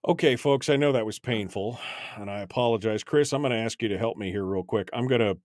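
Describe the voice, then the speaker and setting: Male talk radio host, lower register, casual and flustered live-on-air patter in a dry studio. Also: quick pace, darkish tone, no echo. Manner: rambling and flustered while fixing broken equipment on air, many restarts.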